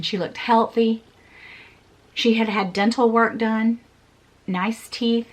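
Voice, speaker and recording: A woman's voice: a little high, a little slow, long pauses. A woman in her forties, a vlogger telling a personal story in an earnest, repetitive way with small laughs.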